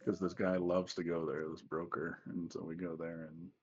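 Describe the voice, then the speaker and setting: A man's voice: low voice, little pitch movement, normal speed, lo-fi sound. A man co-hosting a podcast in casual chat, laughing a lot and swearing casually. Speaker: podcast co-host.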